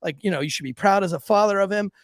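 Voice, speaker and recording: A man's voice: high-pitched, racing, dry recording, studio quality. A man hosting a podcast, telling a long story in a casual, profane, rambling way full of "like".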